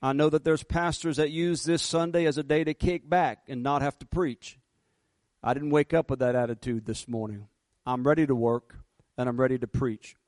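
A man's voice: mid-range voice, steady tone, a little mellow, dry recording. Fervent male preacher, dry sound. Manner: fervent preaching, slows and rises for emphasis. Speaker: pastor. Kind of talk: sermon.

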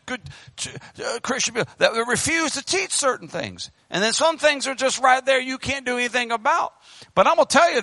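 Fervent high-voiced male preacher. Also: no room sound. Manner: fervent preaching, swinging between loud bursts and hushed pleading. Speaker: pastor. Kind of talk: sermon. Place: church. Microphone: handheld microphone.

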